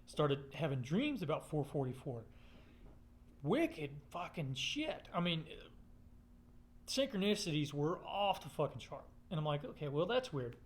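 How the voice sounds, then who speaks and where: A man's voice: on the high side, sing-song, measured pace. A man telling a rambling personal story in casual chat, swearing constantly.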